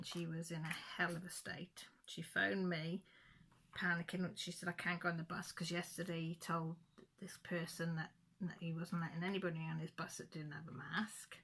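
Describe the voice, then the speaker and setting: A middle-aged woman, a crafting channel host, chatting casually and telling a rambling, animated story full of quoted dialogue. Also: on the low side.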